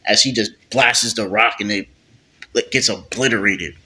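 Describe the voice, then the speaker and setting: A young man improvising a fan story, rambling along with plenty of fillers. His voice sits on the low side, with a bright, forceful tone. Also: moderate pace.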